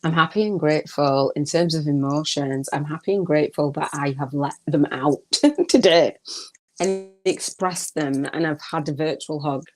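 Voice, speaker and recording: A woman's voice: low voice, normal speed, a little mellow. A middle-aged woman hosting a live gratitude talk, chatty, with many fillers and laughs. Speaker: podcast host.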